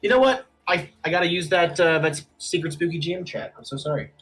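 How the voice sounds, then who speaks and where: A man's voice: fairly high pitch, fast, a bit bright. A man running a tabletop game as game master over voice chat, explaining rules plainly and apologizing for interruptions.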